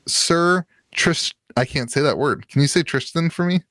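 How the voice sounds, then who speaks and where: A man's voice: fairly high pitch, quick pace, no room sound. Rambling man on a card game podcast. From Ohio. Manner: rambling, filler-heavy, jokey. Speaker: podcast co-host. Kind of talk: casual chat about trading card games.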